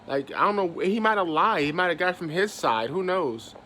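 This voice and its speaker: A man's voice: high voice, animated, fairly quick, sharp tone, a little hiss or hum. A young man, venting about his job in a heated, profane rant and repeating himself as he talks. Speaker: vlogger venting about work. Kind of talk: angry casual rant.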